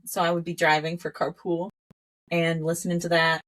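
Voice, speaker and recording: Speaking at a moderate pace with a fairly low pitch, this woman is a guest on a podcast, sharing a story casually. Her delivery is lively, full of frequent laughter and reenactments of her own past words.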